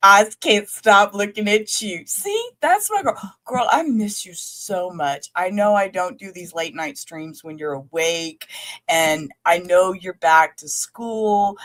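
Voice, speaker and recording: A woman's voice: mid-range voice, expressive, takes it slowly, a bit bright. A woman hosting a late-night livestream, rambling and chatting straight to her viewers as she reviews a trial, swearing casually.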